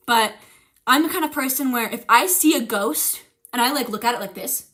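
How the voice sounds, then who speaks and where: A young woman streamer telling a frightening story in casual chat, animated and swearing, teary-eyed as she talks. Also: sits high, normal speed, long pauses. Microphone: streaming mic.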